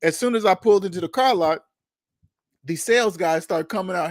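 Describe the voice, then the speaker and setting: A man with a high, lively voice talks through a casual monologue, swearing freely and laughing at his own past. The sound is dry and close, with no room echo. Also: brisk. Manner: animated, profane, laughs at himself, acts out quotes. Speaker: podcast host. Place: Seattle.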